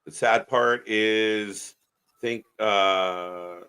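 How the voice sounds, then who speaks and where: A man's voice: on the low side, fairly even intonation, very slow, bright, forceful tone, smooth. Disgusted man bluntly swearing at a wrestling show. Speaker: co-host of a live wrestling watch-along. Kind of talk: profane live commentary chat.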